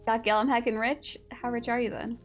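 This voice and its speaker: A young woman chats through a live game stream, teasing her viewers and cursing offhandedly. Her voice sits a little high. Soft game music plays faintly behind her. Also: steady tone, a little fast. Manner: playful, teasing, swears casually. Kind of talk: casual live-stream chat while gaming.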